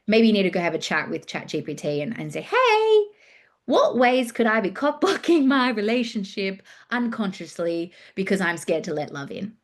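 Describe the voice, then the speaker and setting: A woman hosting a casual solo podcast on relationships, talking loosely, swearing freely and acting out listeners' inner thoughts. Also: on the low side. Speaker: podcast host and relationship coach.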